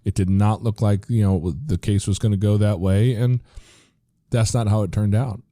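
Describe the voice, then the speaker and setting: A man's voice: fairly low pitch, fairly even intonation, moderate pace, mellow, dry recording, clean studio sound. An American man in his forties, a podcast host, talking earnestly in casual conversation with frequent restarts.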